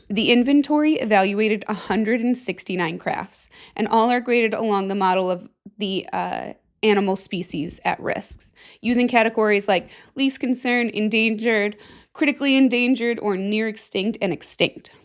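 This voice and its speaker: A woman hosting a casual solo podcast, goofy and self-mocking, with plenty of swearing. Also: mid-range voice. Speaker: podcast host.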